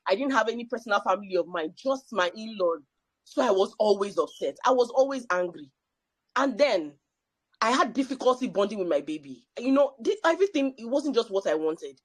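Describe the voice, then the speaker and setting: A woman's voice: medium pitch, lively intonation, brisk, dry recording. Emphatic woman, dry close sound. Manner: emphatic, repeats phrases for effect. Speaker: panel speaker. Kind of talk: personal testimony at a panel.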